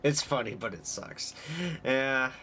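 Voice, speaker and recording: A young man talks casually with his stream chat, rambling candidly and laughing easily. His voice is bright and his pace slow, with a faint hiss of noise behind him. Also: mid-range voice. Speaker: livestreamer.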